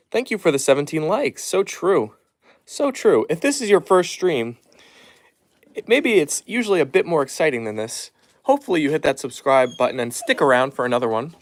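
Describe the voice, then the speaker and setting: A man casually chatting on a live stream at home, reading viewer comments aloud and softly hushing his dogs. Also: mid-range voice, lively intonation, normal speed, a little hiss or hum. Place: at home, down in the basement.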